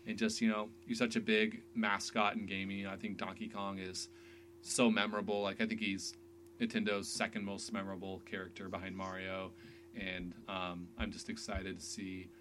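Excitable male podcast host, low-pitched, casual, light hum on the track. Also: normal speed. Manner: chatty, excitable, many fillers. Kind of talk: casual chat about video games.

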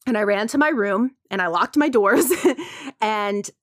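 A woman co-hosting a podcast, telling a story in casual chat with lots of "like", sighs and lively asides. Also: mid-range voice, a little slow, no echo, clean studio sound. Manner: animated, full of "like" and sighs, acts out quotes.

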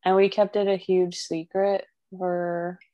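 A woman in casual chat with a friend, emotional and chatty, with quick bursts of speech. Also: lowish voice, flat delivery, lo-fi sound. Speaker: friend and mother.

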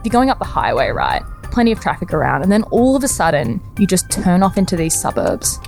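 A woman's voice: on the low side, sing-song, a little fast, creaky, darkish tone, soft background music. A young woman telling a personal anecdote in a chatty, conversational way, laughing often. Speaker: storyteller.

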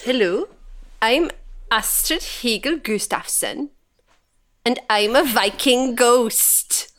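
A woman voicing a brash female Viking warrior ghost in a put-on mock Swedish accent, boastful and slow. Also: fairly high pitch, lively intonation, fairly bright tone. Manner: boastful, slow, breaking character.

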